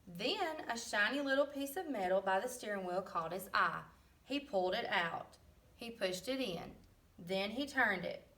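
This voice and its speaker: A woman reading a picture book aloud to children, pausing to ask questions and putting on lively voices for the farm animals. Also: mid-range voice, far from the mic. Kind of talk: read-aloud storybook with questions.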